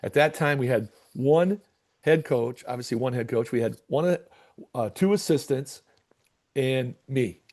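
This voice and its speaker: Being interviewed, this middle-aged Michigan basketball coach speaks at medium pitch and a measured pace. He's an animated storyteller who works through a long tale, performing the dialogue, repeating words, and restarting frequently.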